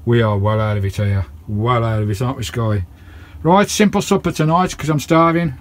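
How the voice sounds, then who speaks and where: A man's voice: mid-range voice, fairly quick. A British man vlogging casually from inside his camper van, chatting and swearing lightly. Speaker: vanlife vlogger. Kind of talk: casual vlog chat.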